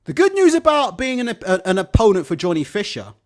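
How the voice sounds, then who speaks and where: Here a boxing show host calls a live stream with plenty of swearing and sarcasm, sounding animated throughout. He speaks fairly quickly in a high-pitched voice.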